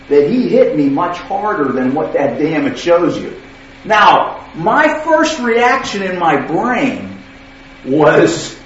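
A man's voice: high-pitched, a little hiss or hum. A man preaching in a conversational storytelling way, often checking in with "okay?". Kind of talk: sermon storytelling. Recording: distant, echoey, dull hall recording.

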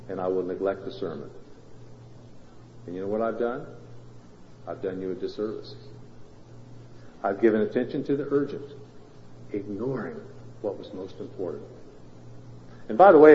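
Preacher man in an echoey church hall. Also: medium pitch. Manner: swings between loud emphatic and quiet intimate phrasing, asks the congregation questions. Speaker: pastor. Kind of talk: sermon. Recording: roomy hall reverb, dull lo-fi sound.

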